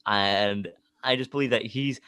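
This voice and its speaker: A man co-hosting a podcast in casual sports chat, excitable, laughing often and retelling his own reactions. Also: on the low side, unhurried, clear, resonant tone, dry recording, clean studio sound. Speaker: podcast co-host.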